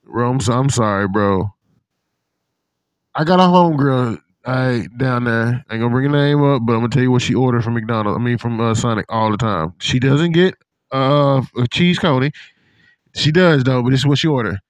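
A man hosting a casual chat, telling profane, animated stories and acting out what people said. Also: medium pitch, moderate pace, clear, resonant tone, dry recording. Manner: animated, profane storytelling with put-on quotes. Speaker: podcast host.

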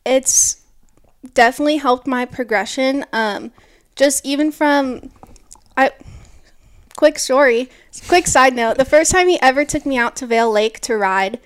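A woman in her early twenties, a mountain bike racer, telling an animated story in an interview and peppering it with "like". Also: high-pitched, a little slow, smooth. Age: early 20s. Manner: animated, lots of "like", acts out quotes.

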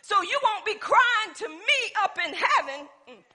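A woman delivers a sermon in a very high, bright and forceful voice. She talks in a folksy, emphatic way and keeps turning to the congregation for a response. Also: expressive, measured pace. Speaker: preacher.

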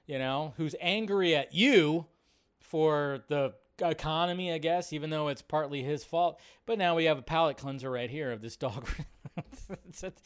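A man hosting a live show in casual commentary, rambling between low mumbles and loud excited outbursts. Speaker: show host.

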